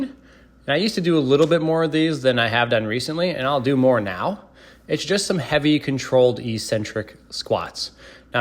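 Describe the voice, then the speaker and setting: Man calmly narrating his training. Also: a little high. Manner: steady, explanatory, cautious coaching tone. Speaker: fitness vlogger. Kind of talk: voice-over workout breakdown.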